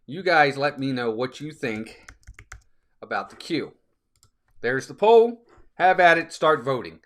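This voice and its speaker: A man's voice: mid-range voice, animated, unhurried. A man hosting a casual live stream, chatting with viewers and reading out their comments. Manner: chatty, reads out viewer comments, sneezing fits.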